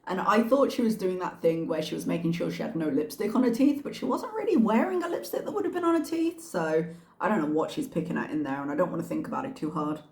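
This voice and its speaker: A woman's voice: fairly low pitch, quick pace, a little mellow. A woman hosting a reaction channel, giving casual commentary with wry, sarcastic asides. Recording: echoey room.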